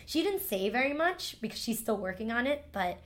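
A woman's voice: on the high side, sing-song, brisk, a bit bright. Emotional woman telling a personal story. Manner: emotional, heartfelt, frequent "like" fillers. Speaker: storyteller guest, former teacher.

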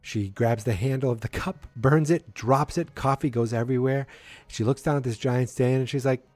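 A man's voice: medium pitch, moderate pace, darkish tone, dry recording, faint music behind. A man casually recapping a TV episode, rambling with many ums and acting out the characters' lines in passing. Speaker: show recap host.

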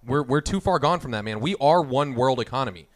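A man's voice: medium pitch, expressive, fairly quick. A man arguing his point bluntly and emphatically on a casual podcast, with some swearing. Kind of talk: casual debate chat.

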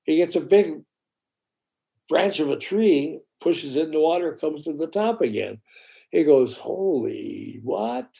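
A man's voice: a little high, measured pace, gravelly. A man telling a story in casual chat, acting out the voices of his characters and swearing now and then. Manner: animated, acts out the voices of characters in his stories.

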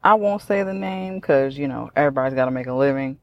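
A woman's voice: very deep voice, fast talker, gravelly, dry recording, highs cut off. A woman in her thirties hosting her own podcast, talking in a chatty, ranting way with dry sarcasm. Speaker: podcast host. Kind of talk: casual solo podcast chat.

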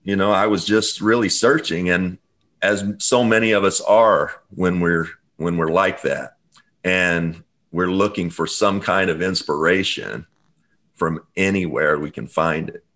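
A middle-aged man hosts a podcast in a very low, deep voice. He speaks in a heartfelt, halting way, pausing often and choosing his words with feeling. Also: a bit bright. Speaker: podcast host. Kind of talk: podcast interview.

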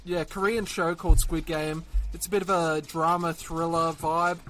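A man's voice: fairly high pitch, little pitch movement, moderate pace, a bit bright. A man with an Australian accent co-hosting a casual podcast, joking and swearing, now and then singing bits. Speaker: podcast co-host.

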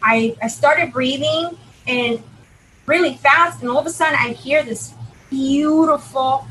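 A middle-aged woman telling a personal testimony in an earnest, halting, emotional way. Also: high-pitched, pushed and bright, a little hiss or hum, poor audio. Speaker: guest telling her near-death story.

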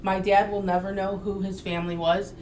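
A woman's voice: mid-range voice, little pitch movement, a little fast, a little mellow, reverberant, distant mic, rough recording. A woman guest speaks earnestly, telling personal stories in a casual political chat. Her voice sits a bit back from the mic, with a faint hiss underneath. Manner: earnest, storytelling.

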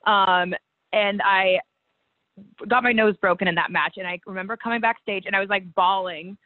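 A woman wrestler in a casual interview, telling stories with lively quoted voices and frequent laughter. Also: mid-range voice, normal speed, no room sound. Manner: animated storyteller, acts out quotes, laughs often. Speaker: guest, pro wrestler. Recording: tinny phone-like line.

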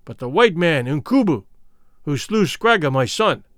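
A man's voice: on the high side, big pitch swings, measured pace, fairly bright tone, no room sound, studio quality. A man voicing a proud male tribal herald, proclaiming titles in a ceremonial manner. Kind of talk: audiobook character voice.

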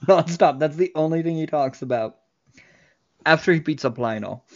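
A man's voice: a little high, moderate pace, dull audio. A man co-hosting a casual movie podcast, retelling scenes in detail and laughing often. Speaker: podcast co-host.

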